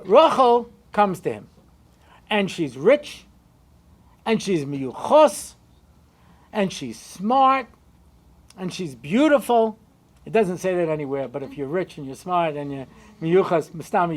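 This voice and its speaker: Animated rabbi telling a story. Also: male voice. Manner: conversational, many asides and "you know"s; animated, shifting pitch and loudness. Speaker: rabbi and lecturer. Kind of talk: storytelling Torah lecture.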